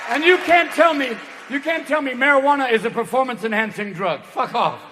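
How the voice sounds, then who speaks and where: A man in his sixties doing a stand-up comedy routine on a theater stage, manic and profane, leaping into voices and shouted bursts. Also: extremely high pitch, a little fast, crowd noise, background noise. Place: theater stage with live audience. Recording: reverberant hall, live audience.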